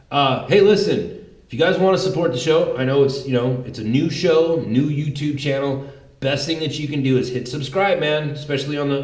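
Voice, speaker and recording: A man's voice: medium pitch, darkish tone, roomy sound. A man hosting a political commentary show, fired up and confrontational, swearing freely as he rants.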